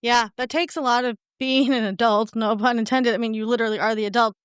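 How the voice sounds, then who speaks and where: A woman hosting a podcast interview, affirming her guest often and setting up questions in a lively, conversational way. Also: fairly high pitch, fast talker, clean tone, dry recording, studio quality. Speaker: podcast host.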